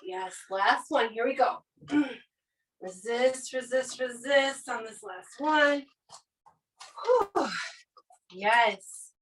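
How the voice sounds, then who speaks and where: A woman's voice: a little high, slow, a bit bright, distant mic, slight background noise, low-quality recording. A woman fitness instructor coaching a workout with upbeat, encouraging cues, out of breath.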